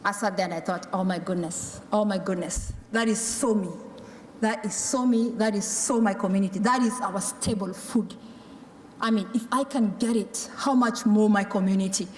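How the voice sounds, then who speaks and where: A woman's voice: mid-range voice, normal speed, a little mellow. A woman from a Maasai community speaks to a conference audience, telling her own survival story. She acts out the voices of her doctors and her mother as she goes. Her mid-range voice rings through a large hall with a long, roomy echo. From Kenya or Tanzania, Maasai community. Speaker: tuberculosis survivor giving testimony. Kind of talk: personal testimony speech.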